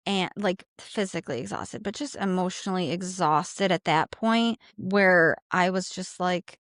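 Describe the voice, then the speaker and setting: A woman's voice: on the low side, moderate pace, hardly any pauses, fairly bright tone, no echo, studio quality. A young woman co-hosting a podcast, chatty and candid, telling a personal story with many "like" fillers and acted-out bits of past dialogue. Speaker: podcast co-host.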